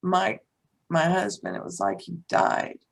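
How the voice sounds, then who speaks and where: A woman's voice: fairly low pitch, very animated, measured pace, vocal fry, poor audio. A woman guest, a teacher and author, telling a personal story in conversation in a blunt, frank way and swearing casually.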